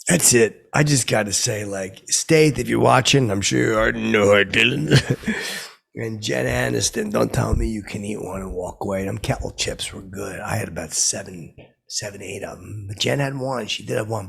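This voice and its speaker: A man hosting his own podcast, telling boastful comic stories in a meandering way with lots of fillers. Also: fairly low pitch. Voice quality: gravelly, raspy. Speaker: podcast host. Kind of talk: rambling comic storytelling.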